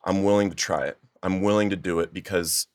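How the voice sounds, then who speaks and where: Young guy telling his recovery story, earnest and emotional, lowish voice, dry sound. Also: fairly even intonation, a little fast, dry recording. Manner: earnest, emotional storytelling, rising to near-shouting in retold pleas. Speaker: testimony speaker. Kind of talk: personal recovery testimony.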